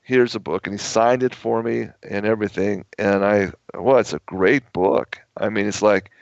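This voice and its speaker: A man's voice: on the low side, fairly even intonation, moderate pace, gravelly, dry recording. A man who is an author guesting on a radio talk show, telling long, emphatic, rambling stories. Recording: dull lo-fi dry sound.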